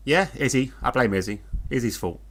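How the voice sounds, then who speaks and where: A man from the United Kingdom giving casual live race commentary, relaxed and joking with his co-host. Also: mid-range voice, a little fast, breathy edge. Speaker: co-commentator of a sim racing league.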